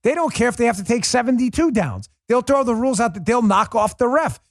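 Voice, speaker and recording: A man's voice: very high-pitched, expressive, brisk, dry recording, clean studio sound. A man hosting a political talk show, delivering a heated, scornful monologue. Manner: combative, ranting, scornful.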